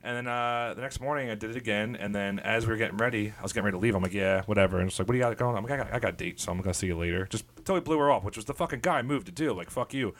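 A man's voice: lowish voice, rapid-fire, few pauses, fairly bright tone, slight background noise. A young man, podcast co-host, telling a rambling, boastful story in casual chat and laughing at his own jokes.

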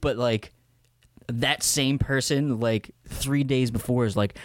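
A man co-hosting a hockey podcast, bluntly laying out roster logic in a mid-pitched voice. The recording is close and dry. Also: fairly even intonation, slow, dry recording. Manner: blunt, analytical. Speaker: podcast co-host. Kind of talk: casual hockey chat.

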